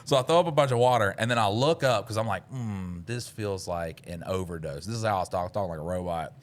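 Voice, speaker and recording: A man, co-hosting a podcast, telling a story in casual chat, swearing a lot and jumping into loud voices when he quotes himself. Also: lowish voice, rapid-fire. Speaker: podcast co-host.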